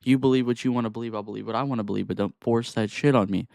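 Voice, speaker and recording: A man's voice: medium pitch, fairly even intonation, racing, creaky, a little mellow, no room sound. Angry young man ranting, cursing. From Texas. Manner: profane, heated, exasperated. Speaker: vlogger. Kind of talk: angry rant to camera.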